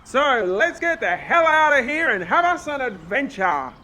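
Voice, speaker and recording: A woman voicing an excitable, cheeky young man who talks loud and brash. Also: mid-range voice, measured pace. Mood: rowdy excited.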